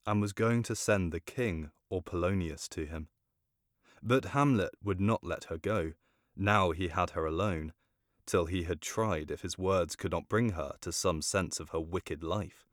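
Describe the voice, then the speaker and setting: Deep-voiced man narrating a story. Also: no room sound, clean studio sound. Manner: measured, formal reading.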